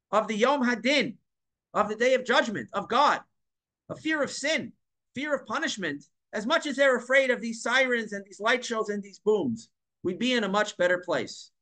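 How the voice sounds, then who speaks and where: A man's voice: high-pitched, sharp tone. A man telling a story in a casual monologue, emphatic, repeating and stumbling over words at times. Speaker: online commentator.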